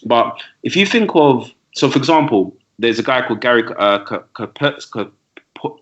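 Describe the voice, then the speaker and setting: A man's voice: medium pitch, lively intonation, moderate pace, a bit bright. A man talking as a podcast guest, a teacher and trainer who explains his points with lists and asides in casual conversation. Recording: dull lo-fi audio.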